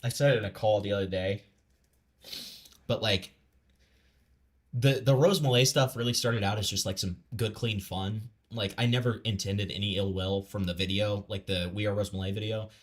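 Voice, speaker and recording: A man reacting live on stream in a casual, rambling way. His voice sits a little low, and he stammers through restarts and fillers. He talks bluntly and swears freely. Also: steady tone, moderate pace. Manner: blunt and profane.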